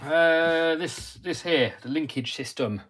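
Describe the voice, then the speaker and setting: A man with a voice pitched a little above the usual range chats casually while he builds. He is from the UK and talks himself through every step in a loose, friendly flow. He works at an indoor hobby bench. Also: takes it slowly, a bit bright, a little hiss or hum. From United Kingdom. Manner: chatty, talks himself through each step and answers viewers. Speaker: RC hobby livestream host. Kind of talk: casual live-stream chat while building a model.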